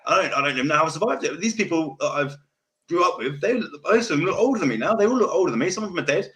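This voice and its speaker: Fast-talking, sweary South London man. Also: a little high, lively intonation, fairly bright tone. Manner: rambling, sweary, repeats himself. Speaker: podcast host. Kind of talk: casual chat.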